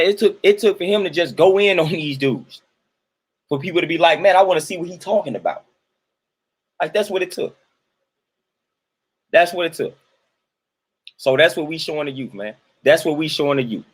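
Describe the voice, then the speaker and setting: A man's voice: fairly high pitch, a bit bright. A man, commenting in a casual monologue and preaching his point through repetition.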